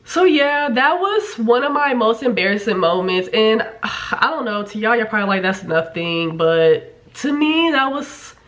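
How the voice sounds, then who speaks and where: A woman's voice: fairly high pitch, sing-song, unhurried, fairly bright tone. Chatty young woman vlogging, swearing freely. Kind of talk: casual storytelling to camera.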